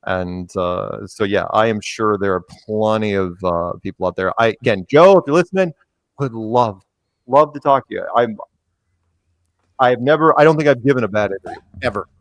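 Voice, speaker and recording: A man's voice: fairly low pitch, moderate pace, no echo, studio quality. A man chatting as a podcast guest, telling rambling stories and acting out quotes from others. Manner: rambling storyteller, acts out quotes. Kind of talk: casual interview chat.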